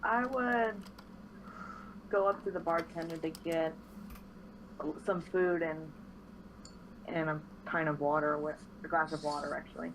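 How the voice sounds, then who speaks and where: A player describes their character's actions hesitantly, restarting sentences. The pitch is in a middle range. A clear layer of background noise sits behind the voice. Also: steady tone, unhurried, pauses often. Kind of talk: tabletop game play.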